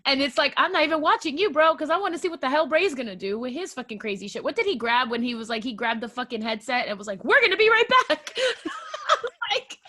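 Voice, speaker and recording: A woman's voice: high-pitched, fast, few pauses, sharp tone. A young adult woman co-hosting a casual chat, laughing often, swearing, and acting out quotes in exaggerated voices. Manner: laughing, profane, acts out quotes in big voices. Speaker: podcast co-host.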